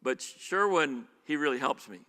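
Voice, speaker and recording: A man preaching a sermon in a church, animated, shifting between loud emphasis and quiet asides and putting questions to the congregation. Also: on the high side, normal speed. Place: church sanctuary. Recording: live church sermon with long hall reverb.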